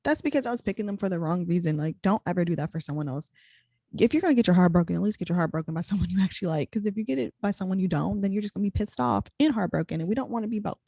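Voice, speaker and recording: A young woman hosting a podcast, chatting casually and quickly with lots of "like" fillers. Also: mid-range voice, animated, creaky, dark tone, no echo. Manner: rapid, chatty, full of "like" fillers. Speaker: podcast host. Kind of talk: casual chat.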